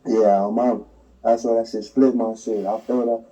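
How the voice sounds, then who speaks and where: In this interview, a fairly low-voiced man speaking at a moderate pace recounts a prison story in thick slang, performing each quote with animation. He sounds distant from the mic, and the audio is dull.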